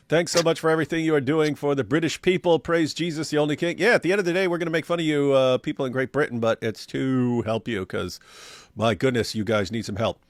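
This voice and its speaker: A man co-hosting a casual livestream picks out viewer comments, reads them aloud, and mocks them with sarcastic, animated jokes. His mid-range voice is creaky and fast, recorded dry at studio quality.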